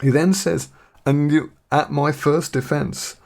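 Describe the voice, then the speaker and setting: A man hosting a podcast, reading Bible verses slowly and then reflecting on them in his own words. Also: on the high side, fairly even intonation, creaky, darkish tone. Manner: reads scripture aloud slowly, then muses and paraphrases. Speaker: podcast host and Bible teacher.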